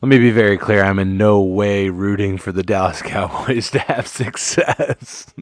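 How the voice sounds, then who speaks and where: Man, livestream host, low voice, dry close sound, joking, profane, a little tipsy. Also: a little slow, dry recording. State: tipsy from drinks. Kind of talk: casual live sports commentary.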